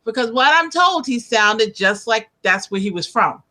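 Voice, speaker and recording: A woman with a New York accent hosts a casual interview over a video call from her book-lined room at home. Her voice is bright and forward, and she talks in a chatty, animated way, full of restarts and fillers. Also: a little high, normal speed. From United States, Northeast.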